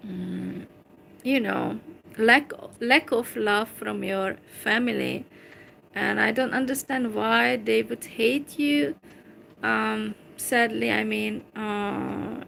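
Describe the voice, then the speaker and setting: A Hungarian woman talking to camera in English with a Hungarian accent, replying to a viewer slowly and hesitantly, with many fillers. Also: on the high side, creaky, fairly bright tone, slight background noise, rough recording. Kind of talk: casual talk to camera.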